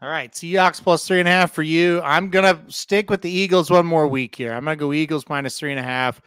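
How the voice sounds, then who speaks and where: A man's voice: a little high, steady tone, brisk, a bit bright, clean tone, dry recording. A man hosting a sports betting podcast, running through game picks in a breezy, casual way and asking his co-host for his take. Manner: breezy, leads the picks and asks for co-host's take.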